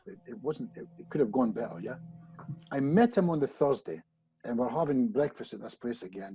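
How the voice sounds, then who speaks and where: Over soft background music in a low-quality recording, a man's medium-pitched, slightly rough voice moves a little fast. As a hypnotist guest on a podcast chat, he tells a personal story with animation, frequently restarting phrases and addressing the host head-on.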